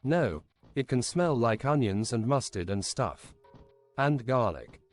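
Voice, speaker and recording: A man's voice: medium pitch, animated, slow. A man reading out chat comments on a stream in a matter-of-fact way. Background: game music.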